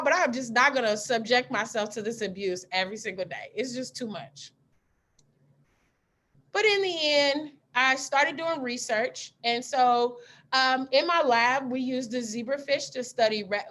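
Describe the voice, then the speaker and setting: A woman in her thirties tells personal stories from her scientific training in a candid, animated way. Her voice sits a little high, and she slips into the voices of the people she quotes. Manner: candid, animated storyteller acting out dialogue. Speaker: postdoctoral scientist giving a talk. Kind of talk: storytelling talk.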